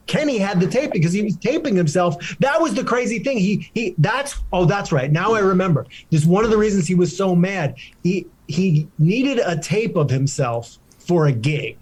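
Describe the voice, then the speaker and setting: A middle-aged man with a notably high voice for his sex chats casually as a podcast guest. He tells a story in a rambling, animated way, circling back and restarting his sentences as he goes. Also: breathy edge. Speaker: guest comedian.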